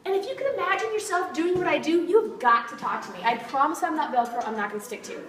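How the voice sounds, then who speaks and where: A woman's voice: high-pitched, expressive, fast, crowd noise. A woman giving a bubbly, laughing sales demo to a group, asking her audience questions. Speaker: kitchenware party consultant. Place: meeting room with an audience. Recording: echoey room from far off, noisy.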